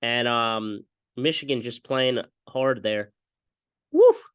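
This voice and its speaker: A young man giving a casual play-by-play breakdown of a football game. He gets excited and copies broadcast calls, and he keeps repeating stock phrases. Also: medium pitch, normal speed, smooth, no room sound. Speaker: fan video commentator.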